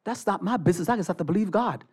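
A preacher delivering a fiery church sermon, repeating phrases, calling for the congregation to answer, and bursting into shouts. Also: mid-range voice, very fast, husky.

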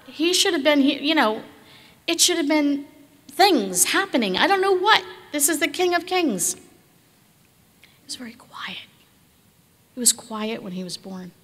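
A woman preaching a sermon with emphatic rhetorical questions, at times dropping to a hush. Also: a little high, in a large hall.

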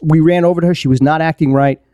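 A man's voice: a little high, fairly even intonation, fast, mellow, clean tone, no echo, studio quality. A man hosting a podcast, telling a story in casual chat and laughing often. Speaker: podcast host.

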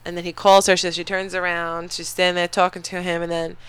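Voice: mid-range voice, flat delivery, fairly quick, a bit bright, smooth, no room sound. A podcast host casually retelling a movie's plot, swearing a lot and rambling through it with many fillers. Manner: rambling, profane, filler-heavy storytelling. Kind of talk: casual movie recap chat.

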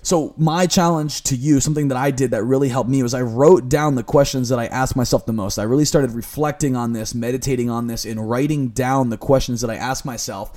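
A man's voice: mid-range voice, fairly quick, few pauses, darkish tone. A young man hosting his own podcast, talking earnestly in an upbeat coaching way as a lifestyle coach. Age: young adult. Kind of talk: solo motivational podcast talk. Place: Florida.

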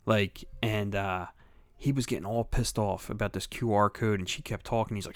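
A man's voice: lowish voice, fairly even intonation, normal speed, fairly bright tone, dry recording. A man in casual chat, telling stories with heavy swearing and acting out other people's lines. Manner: profane storytelling, acts out other people's lines.

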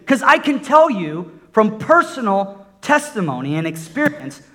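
A middle-aged man delivering a sermon built on a personal testimony. His voice sits a little high for a man, and he tells his story earnestly before pressing hard on the listeners. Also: big pitch swings, measured pace, few pauses, pushed and bright. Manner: earnest storytelling, rising to emphatic exhortation. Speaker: preacher.

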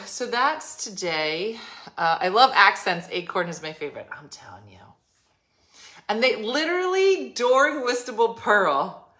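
A woman's voice: fairly high pitch, bright, forceful tone. A woman hosting a casual live stream from home, chatting in a rambling way with lots of fillers. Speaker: livestream host.

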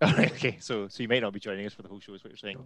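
A man's voice: on the low side, steady tone, rapid-fire, fairly bright tone. A man hosting a casual live video-call chat, easygoing and self-deprecating, often tripping over his words. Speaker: host.

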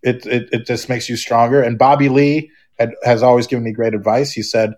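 A man's voice: medium pitch, steady tone, brisk, a little mellow. Rambling man in casual chat. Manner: rambling, many restarts and fillers. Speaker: podcast guest.

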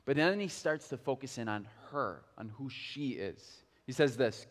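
A man's voice: mid-range voice, animated, moderate pace, long reverb tail. A man preaching a sermon as pastor, talking casually and conversationally with lots of "like" and "kinda".

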